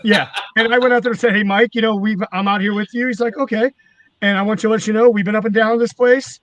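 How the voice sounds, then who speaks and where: High-voiced man telling wrestling stories. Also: steady tone, fast talker, fairly bright tone, dull audio, slight background noise. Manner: rambling, profane, laughing. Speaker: former wrestling manager. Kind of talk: casual storytelling.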